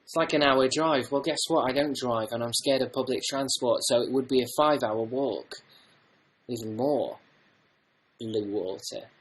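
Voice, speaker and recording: A young man chatting on a livestream from home in a mid-pitched voice. He reads out viewer questions and answers with rambling, self-deprecating jokes and quick asides. His delivery is loose and conversational. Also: poor audio. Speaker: livestream host. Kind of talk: casual livestream chat, reading viewer comments.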